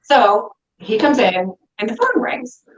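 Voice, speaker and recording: A woman recounts a ghost story in a lively, chatty way, slipping into the voices of the people in it. The sound is roomy and echoey, and it is a little dull and muffled. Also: on the high side, slow. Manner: animated, acts out dialogue in her story. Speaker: guest telling a ghost story. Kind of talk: casual storytelling.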